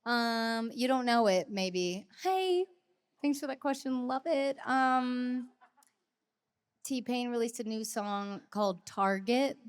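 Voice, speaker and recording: A woman's voice: on the high side, slow, clean tone. A woman in her thirties co-hosting a podcast in casual chat, bubbly and laughing often as she acts out quotes. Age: 30s. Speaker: podcast co-host.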